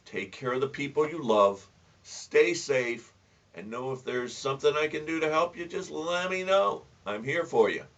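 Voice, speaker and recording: A man hosting a casual show, telling jokes with many restarts and stammers, and dropping low and quiet when he tells a story. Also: expressive, moderate pace, recorded from a distance. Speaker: podcast host. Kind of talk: casual joke-telling chat.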